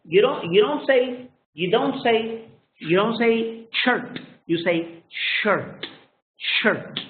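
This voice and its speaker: Slow-talking man with a tinny phone-like sound. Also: extremely high pitch, lively intonation. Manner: slow, drawn-out modeling of sounds with frequent "okay?" checks. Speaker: English pronunciation teacher. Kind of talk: phonetics lesson.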